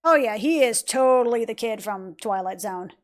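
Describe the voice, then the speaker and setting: A woman's voice: fairly high pitch, lively intonation, normal speed, faint music behind. A woman casually commenting on a video game in an irreverent, joking, profane way, tired and with a sore throat. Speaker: let's play gamer.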